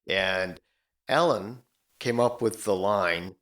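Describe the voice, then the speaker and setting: Lower-voiced male podcast host. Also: moderate pace, fairly bright tone. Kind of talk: interview.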